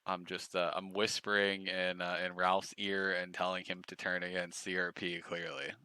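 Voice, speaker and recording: A man's voice: sits low, monotone, normal speed, bright, forceful tone, clean tone, dry recording. A man streaming, giving casual, profane, mocking commentary on clips.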